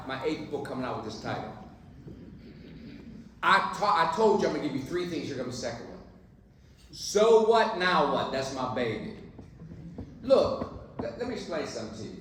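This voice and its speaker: A man's voice: fairly high pitch, a little hiss or hum. A man giving an inspirational keynote speech at a banquet, punchy and preachy, joking with the crowd and urging them on. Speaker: keynote speaker. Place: banquet hall. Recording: very echoey hall, distant mic.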